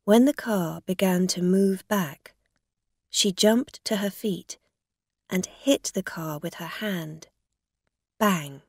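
A woman narrates a simple learner's story very slowly and carefully. Her voice has a gravelly edge, and the recording is dry and close. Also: on the low side, no room sound. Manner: slow, careful, plain reading. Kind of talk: graded-reader story narration.

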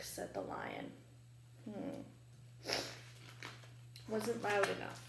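A playful woman librarian reads a children's picture book, asking the children questions as she goes. Her voice sits a little high and swings widely in pitch. The library room is echoey, with a faint hum behind her. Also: huge pitch swings, slow pace, vocal fry, pauses often. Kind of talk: children's storytime reading.

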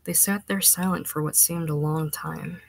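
A woman reading a literary short story aloud in a measured, expressive way. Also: deep voice, gravelly, no room sound, rough recording. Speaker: narrator.

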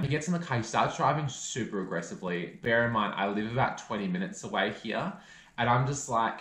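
A man's voice: medium pitch, expressive, quick pace, fairly bright tone, reverberant. A young man, telling a story in a chatty vlog style, full of "like" fillers. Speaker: vlogger.

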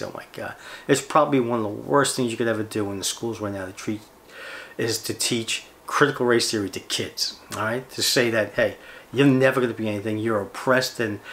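A man's voice: lowish voice, a bit bright, slight background noise. Guy, fishing vlogger, heated rant, sarcastic and cussing. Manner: blunt, sarcastic, swearing. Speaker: fishing channel host. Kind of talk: ranting vlog monologue.

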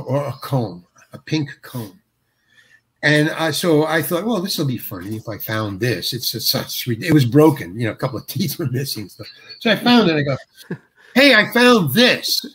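An older male actor spins stories in an interview, breaking off and starting over as he chuckles through them. His voice is husky and sits a little high for a man. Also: fairly bright tone. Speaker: actor guest. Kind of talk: anecdotal interview storytelling.

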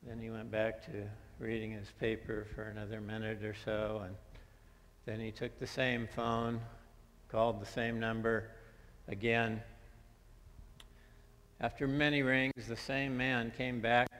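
Pastor preaching in an echoing church. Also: male voice, fairly low pitch, little pitch movement, unhurried, long pauses, fairly bright tone. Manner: conversational storytelling with fillers. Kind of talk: sermon. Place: church sanctuary. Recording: long church-hall reverb.

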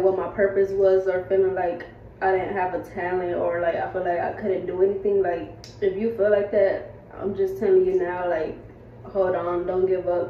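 A woman's voice: on the low side, distant mic, a little hiss or hum. A woman, vlogging in a casual, heartfelt way and talking straight to her viewers in a rented house. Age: 20s. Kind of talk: casual vlog chat. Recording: roomy, slightly dull home audio.

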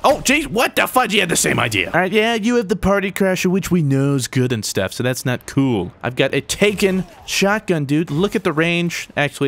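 A man with a slightly high, very animated voice gives gameplay commentary. He is excitable and jokey, and he breaks into sudden mild exclamations as the action unfolds. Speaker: gaming YouTuber.

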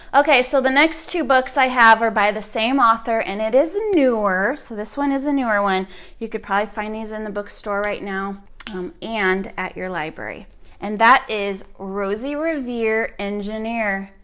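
A woman's voice: mid-range voice, clear, resonant tone. A woman, a homeschooling mother, chatting casually and eagerly about picture books and holding them up for the camera. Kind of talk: casual book recommendation chat.

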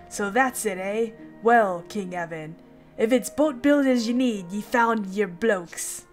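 A woman's voice: medium pitch, takes it slowly, faint music behind, close to an everyday voice. A woman voicing a blunt, cheerful male shipwright foreman in a broad Northern English accent, reading game dialogue. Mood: hearty. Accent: Northern English, put on. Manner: broad dialect, rough and hearty.

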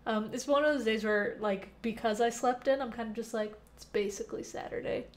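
Speaking briskly with fairly even intonation, a young woman with a somewhat high voice codes live from her temporary home. Wearing headphones with a mic, she chats casually, reads viewer messages aloud, and answers questions with many fillers.

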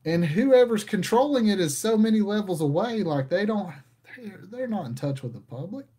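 A man's voice: high voice, animated, normal speed, dark tone. A man hosting a casual rant, talking in an exasperated, conversational way. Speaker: podcast host.

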